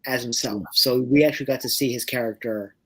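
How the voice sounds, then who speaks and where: Relaxed man sharing fan anecdotes. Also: medium pitch, brisk. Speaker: co-host of a fan watch-along show. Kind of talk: casual fan chat.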